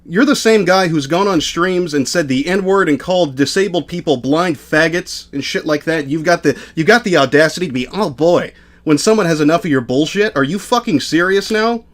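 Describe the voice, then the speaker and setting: A man's voice: on the high side, a little fast, hardly any pauses. A man hosting a live stream, in a furious, profane argument with a guest. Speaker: stream host.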